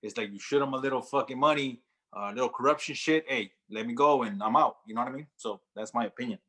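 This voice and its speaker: A man's voice: mid-range voice, quick pace, pushed and bright. A man co-hosting a radio talk show, blunt and swearing freely as he rambles through his opinions. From Mexican-American. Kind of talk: casual podcast chat. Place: radio studio.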